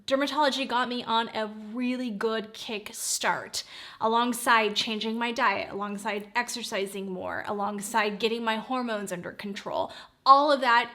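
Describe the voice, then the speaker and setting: A woman's voice: a little high, normal speed, sharp tone. A woman in her forties, a beauty vlogger chatting casually to camera, rambling and drifting into side notes. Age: 40s.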